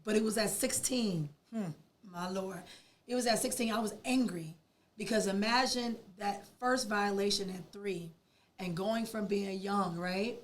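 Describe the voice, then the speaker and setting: A woman's voice: medium pitch, a little slow. Emphatic woman telling her story. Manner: animated, emphatic, acts out quoted dialogue. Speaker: podcast guest. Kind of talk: emotional personal storytelling.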